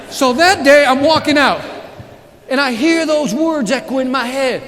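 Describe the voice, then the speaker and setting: Speaking at a moderate pace in a very high voice, a man gives a live sales keynote meant to motivate, telling stories with animation and engaging the audience through call-and-response. The setting is a big event hall with a live crowd, captured with reverb and faint background noise.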